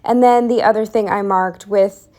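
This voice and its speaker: A woman's voice: medium pitch, steady tone, moderate pace, mellow. A young woman narrating a planner video in a casual, rambling way, with fillers, restarts and self-deprecating asides, a bit out of breath. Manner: drops to a whisper for asides. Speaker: planner vlogger. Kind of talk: casual voiceover.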